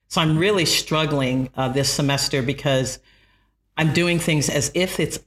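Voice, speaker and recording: A woman who teaches college math, telling stories in an animated way and laughing easily in a podcast interview. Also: deep voice. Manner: animated storyteller, quick to laugh.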